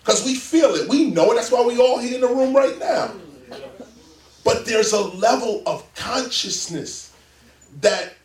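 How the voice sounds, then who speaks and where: A man speaking as a guest before a live audience in a library, lecturing in an animated, emphatic way. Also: extremely high pitch, measured pace. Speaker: interview guest. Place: public library event room. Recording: roomy, distant mic.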